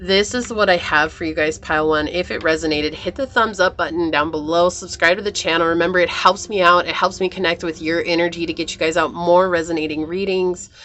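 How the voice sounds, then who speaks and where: A woman's voice: lowish voice, steady tone, fairly quick, few pauses, fairly bright tone, slight background noise. A woman giving a pick-a-card tarot reading to her viewers in a chatty, upbeat way. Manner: chatty, upbeat, addresses viewers as you guys. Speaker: tarot reader.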